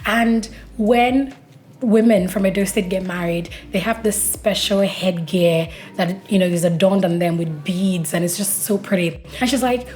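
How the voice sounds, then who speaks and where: A woman's voice: mid-range voice, normal speed, a little mellow. A young woman from Nigeria talking casually to camera in a vlog, telling stories and acting out what people said. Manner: chatty storytelling that acts out quoted dialogue. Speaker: vlogger.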